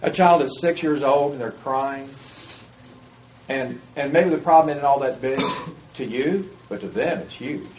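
A man's voice: medium pitch, a little slow, darkish tone, slight background noise, low-quality recording. A man preaching a sermon in a conversational way, often putting questions to his listeners. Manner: conversational, asks the audience questions.

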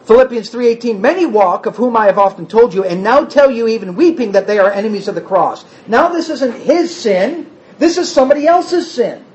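A man's voice: very high voice, fairly quick, highs cut off. A man giving a conversational sermon, reading scripture aloud and talking directly with his congregation. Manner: animated, talks with the congregation, reads scripture aloud. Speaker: pastor or Bible teacher.

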